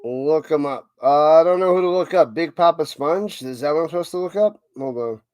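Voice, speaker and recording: A man's voice: fairly high pitch, fairly quick, clear, resonant tone, no echo. A man with a New York accent streaming a watch party, calling plays and chatting with viewers. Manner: excitable calls, chatty asides to viewers. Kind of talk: live stream play-by-play and chat reading.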